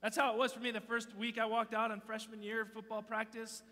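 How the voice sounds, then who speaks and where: A man in his thirties giving a joking, animated youth sermon from a church stage, telling stories and interrupting himself. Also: sits high, fairly quick. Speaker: youth pastor. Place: large church auditorium stage. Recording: long hall reverb.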